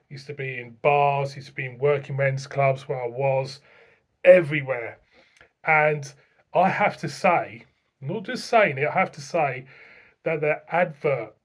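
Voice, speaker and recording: A man's voice: mid-range voice, fairly bright tone. A middle-aged man from England reviewing beer in a chatty, rambling vlog, often chuckling to himself.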